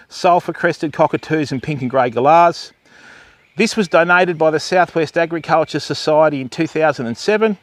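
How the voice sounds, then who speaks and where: A man's voice: a little high, no echo. An Australian man hosting a live stream outdoors at a wildlife park, chatting with viewers and talking up to the animals in a raised voice. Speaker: livestream host.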